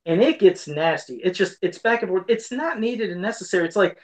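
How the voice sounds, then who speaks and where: On a casual podcast, a male co-host talks earnestly but ramblingly, circling back and repeating himself. His voice sits high and animated at a fairly quick pace, and the recording quality is low.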